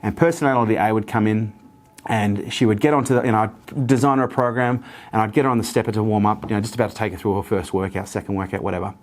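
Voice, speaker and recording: A man's voice: lowish voice, steady tone, fast. Earnest storytelling man. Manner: earnest, storytelling, repetitive phrasing. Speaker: interview guest. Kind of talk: motivational interview talk.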